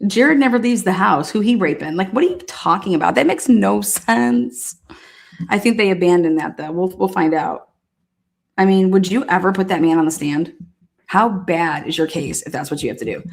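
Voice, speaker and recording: A woman with a fairly low voice, hosting a casual live stream. She talks to her viewers in a chatty, sassy and blunt way, swearing freely as she goes. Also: brisk. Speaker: livestream host.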